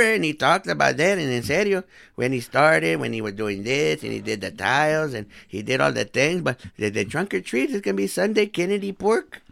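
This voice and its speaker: A man voicing a rowdy, tipsy old grandmother, loud and teasing, dropping in Spanish words. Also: a little high, creaky, no room sound, studio quality, exaggerated voice. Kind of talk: comedic improv character bit.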